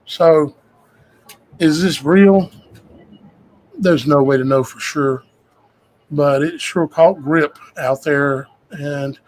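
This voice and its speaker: Man host, folksy and meandering, pitched a bit high. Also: poor audio. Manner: rambling, conversational, folksy with "y'all guys". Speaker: show host. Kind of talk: casual talk to viewers.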